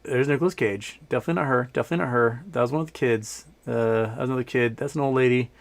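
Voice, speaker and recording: A man's voice: mid-range voice, racing. A middle-aged man hosting a casual live stream from home, rambling and reading chat aloud with frequent laughs. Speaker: livestream host.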